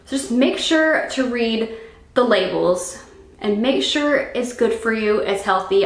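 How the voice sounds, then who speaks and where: A young woman chats casually for her vlog, rambling and dropping "like" and "um" all through her talk. Her voice sits somewhat high. The camera mic catches the echo of a bare room at home. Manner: chatty and rambling, full of "like" and "um". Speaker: fitness vlogger. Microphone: camera microphone. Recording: roomy echo.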